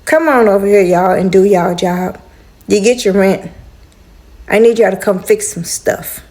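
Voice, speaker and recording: A woman's voice: medium pitch, measured pace, darkish tone. A woman venting in a casual home vlog, exasperated and talking straight to her viewers. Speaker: vlogger. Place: apartment at home.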